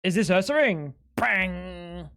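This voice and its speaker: Excitable, foul-mouthed streamer talking to chat. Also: mid-range voice, slow, gravelly. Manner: excitable, profane, self-mocking banter. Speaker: live streamer. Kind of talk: live-stream gaming commentary to chat.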